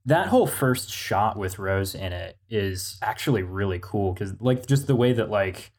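A man's voice: on the low side, lively intonation, moderate pace, a little mellow. A man co-hosting a podcast, chatting about films in a jokey way and laughing often. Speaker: podcast co-host. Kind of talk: casual film discussion.

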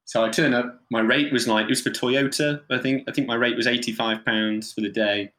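With a medium-pitched voice and a fairly quick pace, a man who's a photographer swaps casual anecdotes as a podcast guest. He uses many fillers and acts out voices in an animated way, and the recording echoes roomily.

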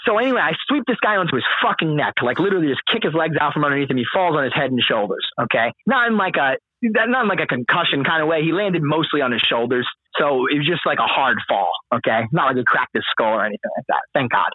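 A man's voice: on the high side, fast talker, dry recording. A man casually telling a wild story on a podcast, swearing often and packing his talk with fillers. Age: late 20s or older. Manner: animated, profane, lots of fillers. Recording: husky voice over a dry, phone-like line.

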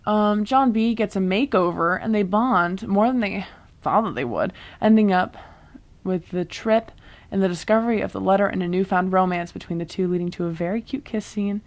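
A woman's voice: mid-range voice, moderate pace. A young woman vlogger chatting through a casual recap of a TV show, full of fillers and asides.

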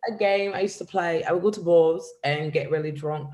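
A woman's voice: lowish voice, fairly quick, warm tone. Playful, riffing woman comedian. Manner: playful and bold, riffing on absurd bits. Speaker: comedian co-host. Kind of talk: casual comedy podcast chat.

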